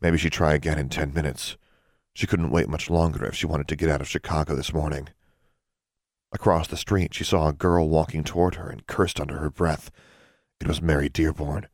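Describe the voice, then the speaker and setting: A man narrates a fantasy audiobook with a steady, measured delivery. His voice sits extremely low. The recording is close and dry. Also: no room sound. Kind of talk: scripted narration.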